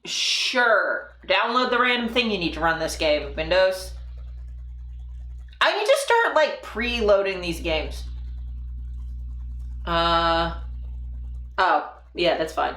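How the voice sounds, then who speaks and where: A woman's voice: fairly low pitch, big pitch swings, slow, long pauses, sharp tone. A young woman streaming live, telling rambling stories in a casual, profane and giggly way. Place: home room. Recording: echoey room.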